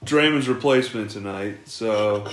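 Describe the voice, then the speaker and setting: A young man hosting a casual, crude podcast, loose and profane, breaking into loud bursts now and then. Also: on the low side, moderate pace, a little hiss or hum. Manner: loose, profane, rowdy, prone to shouting bursts. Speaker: podcast host.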